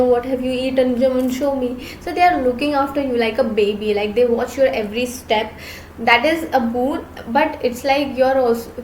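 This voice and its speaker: A tarot reader with a fairly high voice gives her viewers an earnest, reassuring reading, often repeating phrases and growing emotional. The audio is poor and roomy, with slight background noise.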